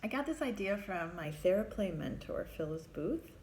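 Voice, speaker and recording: A therapist telling a personal story in a vivid, conversational way, acting out the voices of the people in it. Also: female voice, medium pitch, sing-song, moderate pace, darkish tone, a little hiss or hum.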